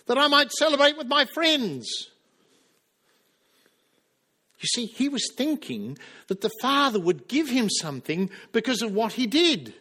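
A man preaching a sermon with passion, acting out the quoted speakers' lines and dropping to a hush for emphasis. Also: very high-pitched, very animated, a little slow, pauses often. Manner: impassioned, acts out quoted lines.

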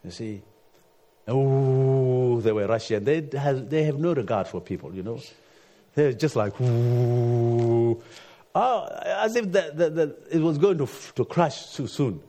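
Halting preacher man, frequent restarts. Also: mid-range voice, animated, warm tone. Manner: halting, repeats words, frequent "you see". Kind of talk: sermon with personal story.

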